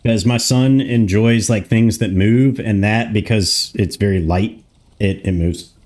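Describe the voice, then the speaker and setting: Young guy streaming from his room at home, talks slow and drawn out, mutters and swears a lot while he fiddles with stuff. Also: on the low side, a little mellow. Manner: swears often, grumbling and muttering to himself. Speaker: live streamer. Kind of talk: casual live-stream chat.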